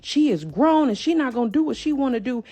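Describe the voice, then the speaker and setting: A woman's voice: high voice, sing-song, brisk, mellow, voice pushed up. A woman voicing a domineering father who brushes off questions curtly. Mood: dismissive.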